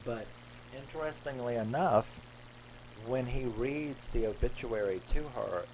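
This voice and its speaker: A man's voice: mid-range voice, unhurried, a little mellow, slight background noise, rough recording. A man casually retelling a horror film's plot in a rambling way, acting out the characters' lines. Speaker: horror film reviewer. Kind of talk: casual movie recap.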